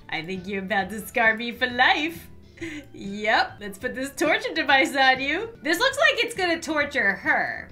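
A young woman narrates her own game session with a bright, sharp voice. Her reactions are squeamish and theatrical, and she laughs often. Her pitch leaps around constantly. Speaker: game commentator. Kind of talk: let's-play commentary.

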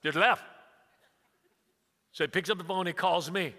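A man's voice: high-pitched, unhurried, pauses often, bright, forceful tone. A man in his sixties preaching a sermon as a pastor, telling humorous family stories and acting out conversations. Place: church sanctuary. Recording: long hall reverb.

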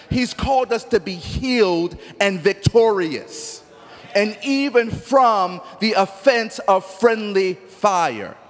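A man preaching a sermon as pastor, animated, moving from quiet storytelling to shouting. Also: sits high, in a large hall. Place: church sanctuary.

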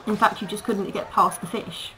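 A woman's voice: medium pitch, fairly even intonation, normal speed, bright, forceful tone. A woman casually commenting on her gameplay, chatting to the animals in the game and laughing often. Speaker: gaming video creator. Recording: noisy home recording.

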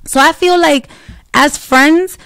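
A woman, hosting a casual solo talk show, blunt and profane, telling stories with quick asides. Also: high-pitched, a bit bright, no echo. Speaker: podcast host.

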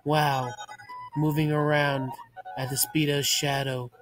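A man giving profane, deadpan muttered commentary while playing a video game, framed as a mock ASMR video. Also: on the high side, takes it slowly, over music. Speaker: gaming channel host.

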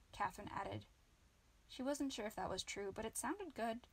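A woman narrating a children's book in an amateur audiobook, reading lively. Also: on the high side, normal speed, breathy edge. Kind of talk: children's book read-aloud.

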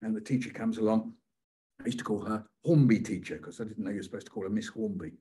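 A man's voice: on the low side, fast, dark tone, breathy edge. An older British man leading a poetry workshop, telling childhood stories playfully and repeating phrases in rhythm. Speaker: poet leading a writing workshop. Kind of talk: storytelling poetry lesson.

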